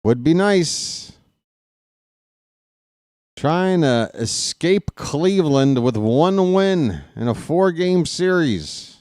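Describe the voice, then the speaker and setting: Guy doing partisan baseball play-by-play, slow and smooth, dry close sound, gets excitable. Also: fairly high pitch, no echo. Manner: partisan, excitable, pleads with viewers. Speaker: play-by-play announcer.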